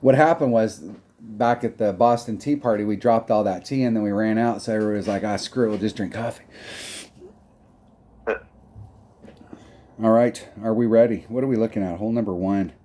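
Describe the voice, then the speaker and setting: A man's voice: fairly low pitch, fairly even intonation, normal speed, dark tone. An American man chatting casually while gaming, making self-deprecating jokes. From United States. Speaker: mobile game player.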